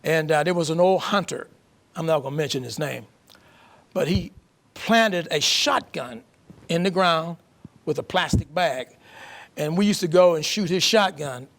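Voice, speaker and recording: A man's voice: fairly high pitch, animated, a little slow, creaky, long pauses, fairly bright tone. An older man from Pennsylvania, a guest author in a casual interview, folksy and repeating himself. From Pennsylvania, USA.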